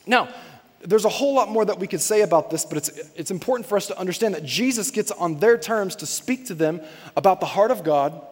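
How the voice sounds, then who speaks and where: A man with a high-pitched voice preaches a sermon. He speaks conversationally but with emphasis, often repeating his key points. His voice carries a long reverb, like a large hall. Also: expressive, fairly quick. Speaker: pastor.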